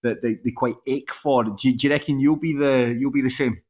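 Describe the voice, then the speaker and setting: A man's voice: mid-range voice, fairly even intonation, brisk, a little mellow. Scottish man hosting a chat. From Scotland. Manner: stammering restarts, friendly questions. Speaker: podcast host. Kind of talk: casual interview.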